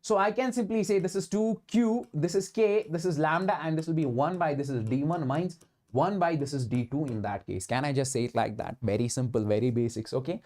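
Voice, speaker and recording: A man's voice: fairly high pitch, a little fast, darkish tone. A man with an Indian accent teaching physics in an online exam-prep lecture, repeating himself emphatically and slipping Hindi words into his English.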